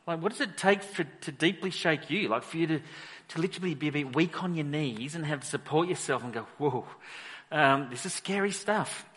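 A pastor preaching a sermon, telling the story with animated energy and acting out the characters. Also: male voice, fairly high pitch, quick pace, in a large hall. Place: church hall.

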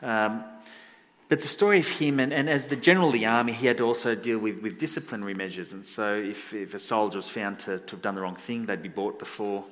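A man's voice: on the low side, fast. Man preaching casually in a reverberant hall. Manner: conversational, self-deprecating, animated when quoting. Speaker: pastor. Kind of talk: sermon storytelling.

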